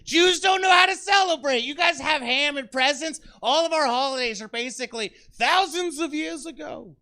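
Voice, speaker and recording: A man's voice: very high-pitched, normal speed, sharp tone. A man doing stand-up comedy in a small theater, ranting in an exasperated, self-deprecating way to a live audience.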